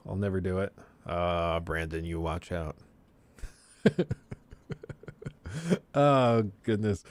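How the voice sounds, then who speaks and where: A man's voice: low-pitched, takes it slowly, pauses often, no room sound. A man hosting a livestream, chatting casually and ranting sarcastically, often laughing. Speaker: livestream host. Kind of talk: casual chat.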